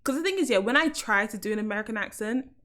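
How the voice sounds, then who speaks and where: A woman's voice: on the high side, expressive, fast, a bit bright. A young woman with an English accent chatting playfully on a live stream, often laughing and repeating herself. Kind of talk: casual live-stream chat.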